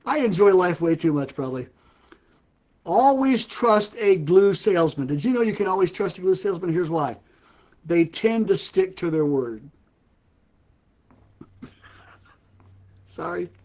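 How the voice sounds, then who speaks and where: A man's voice: high-pitched, animated, measured pace, long pauses, a little mellow. An older man hosting a casual live stream for a ministry, telling puns and repeatedly breaking into laughter at his own jokes. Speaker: ministry host. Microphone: live-stream setup.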